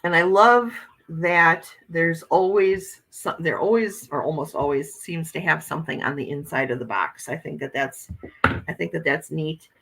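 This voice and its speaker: A woman's voice: low voice, normal speed, creaky, a bit bright, rough recording. A woman hosting a casual morning livestream, chatting with viewers and reading their comments aloud as she shows oracle card decks.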